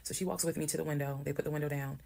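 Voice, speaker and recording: Fast-talking woman, gravelly voice. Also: low-pitched. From Georgia, US. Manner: animated, acts out quoted voices. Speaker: storyteller in a TikTok clip. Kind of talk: casual storytelling to camera. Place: played clip heard on a stream.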